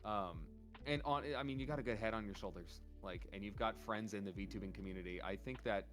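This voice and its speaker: A man's voice: fairly low pitch, a little fast, fairly bright tone, soft background music. A man who is a guest on a casual interview, giving earnest advice in a loose, rambling way with many fillers. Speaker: guest, VTuber.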